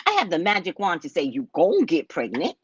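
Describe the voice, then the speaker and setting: Lively West Indian woman telling stories. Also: a little fast, breathy edge, no echo, highs cut off. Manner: animated, acts out clients in loud high voices. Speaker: psychic, show host. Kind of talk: casual storytelling monologue.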